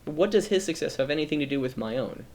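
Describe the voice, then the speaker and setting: A man's voice: a little high, expressive, quick pace, background noise. Earnest man thinking aloud. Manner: earnest, rambling, self-correcting. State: emotional, close to tears. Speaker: streamer. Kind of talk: reflective personal monologue.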